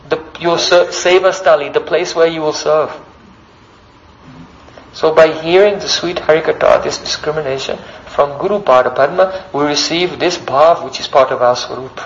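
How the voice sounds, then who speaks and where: A man's voice: fairly high pitch, lo-fi sound, slight background noise. A man preaching a devotional sermon as a story, often checking in with the listeners by asking them questions.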